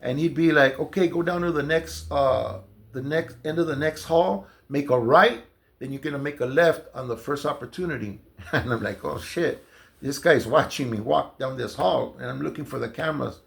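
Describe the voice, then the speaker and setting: Man, raised-pitch gravelly voice, rambling conversational storyteller. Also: normal speed. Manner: loose, conversational, many fillers and restarts. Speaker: storyteller recounting jail experiences. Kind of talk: casual storytelling monologue.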